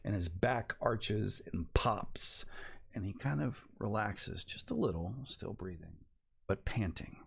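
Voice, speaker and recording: Game master narrating horror, low and husky, builds tension with hushed asides. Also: male voice, lively intonation, slow pace. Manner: descriptive, building suspense, drops to whispers.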